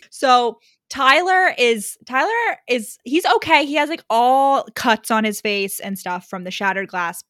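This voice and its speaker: A woman co-hosting a podcast, retelling a story in a profane, animated way with frequent laughs. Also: fairly high pitch, measured pace, no echo, studio quality. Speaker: podcast co-host. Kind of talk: casual chat.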